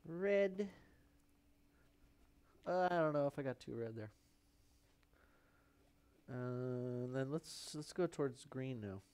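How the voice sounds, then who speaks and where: This man's medium-pitched voice is darkish, clear and resonant, and he speaks slowly and animatedly, pausing often. He's hosting a live painting stream from a studio with a lavalier mic, playfully muttering to himself and drifting into whispers.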